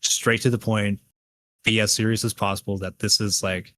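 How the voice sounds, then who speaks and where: A man's voice: lowish voice, little pitch movement, normal speed, fairly bright tone. A man guesting on a livestream, talking casually with many hesitations and fillers. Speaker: guest commentary video maker.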